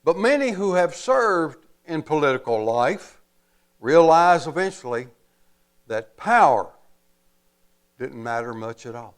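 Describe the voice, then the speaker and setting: A man preaching a sermon as pastor, slow and emphatic, pausing often and adding folksy asides. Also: a little high, very animated, clean tone.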